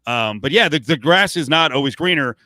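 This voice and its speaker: A man's voice: on the high side, lively intonation, brisk, pushed and bright, no echo. A man co-hosting a podcast, rambling through casual sports talk with lots of fillers, restarts and swearing. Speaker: podcast co-host.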